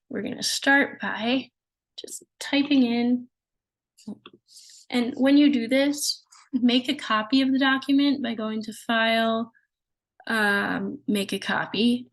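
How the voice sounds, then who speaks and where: A woman teaching a language lesson over a shared screen, patiently sounding out words slowly. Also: fairly high pitch, rough recording.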